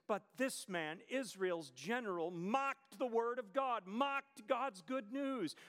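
A high-pitched man preaching a sermon, telling the story with emphatic pacing and pointed rhetorical questions. His voice rings out with a long reverb, as from a large hall. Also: fairly bright tone.

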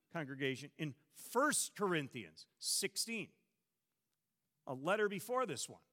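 A male pastor preaching with a bright, ringing voice, leaning hard on key words and then sinking to quiet lows. His sermon carries the long reverb of a large church hall. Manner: emphatic preaching, swings between loud stresses and low drops.

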